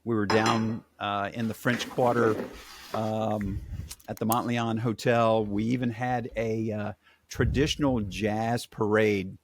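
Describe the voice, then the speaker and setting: Gravelly-voiced man, folksy. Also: on the low side, steady tone, slow, background noise. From Louisiana. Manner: folksy storyteller, many fillers and restarts. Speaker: guest expert. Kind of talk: casual interview chat.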